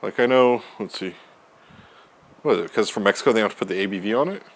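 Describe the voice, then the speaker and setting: A man co-hosting a casual gaming stream, joking around and telling stories in an animated way. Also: lowish voice, quick pace. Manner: joking storyteller, acts out quotes. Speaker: co-host.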